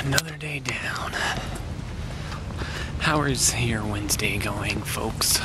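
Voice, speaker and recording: A man's voice: mid-range voice, slow, heavy background noise. A man chatting casually in a vlog, upbeat and rambling, often talking to himself. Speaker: outdoors vlogger.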